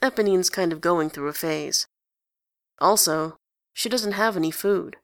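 A woman narrating a story in an even, conversational way. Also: lowish voice, measured pace, no echo, clean studio sound. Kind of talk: story reading.

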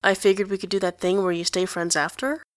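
An earnest, sheltered teenage boy, voiced by a woman reader, sincere and a little puzzled. Plain mid pitch with dry close sound. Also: steady tone, fast talker, dry recording, lightly acted.

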